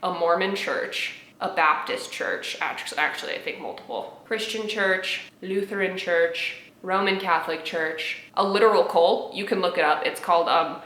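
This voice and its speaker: A young woman at home, reacting to memes with sarcastic, animated commentary, laughing often and dropping into muttered asides. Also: on the low side, moderate pace, hardly any pauses, reverberant. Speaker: video creator reacting to memes. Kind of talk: casual commentary vlog. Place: home apartment.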